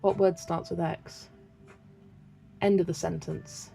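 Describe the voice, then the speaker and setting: A chatty young woman from Wiltshire, with a light West Country lilt and a slightly gravelly edge, talks casually while colouring, laughing often and reading chat aloud. Her fairly low voice is fairly even, slow, and full of pauses, with soft music faintly behind her.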